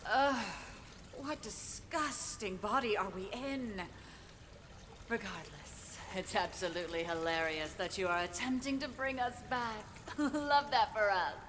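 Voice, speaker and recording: A gloating evil spirit, voiced by a woman, savors every word in a slow, mocking drawl. Her voice rings out with a long hall reverb over a steady hiss. It is a video game villain who finds mortals contemptible. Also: medium pitch, natural voice. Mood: gleeful mocking. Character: possessing evil female spirit, smug and gleeful.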